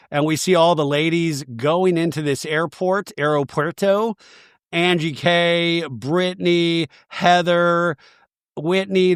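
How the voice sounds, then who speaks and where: High-voiced man recapping TV with jokes. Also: clear, resonant tone, no echo, clean studio sound. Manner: animated, riffing, jokey asides. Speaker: podcast host. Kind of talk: comedic TV recap.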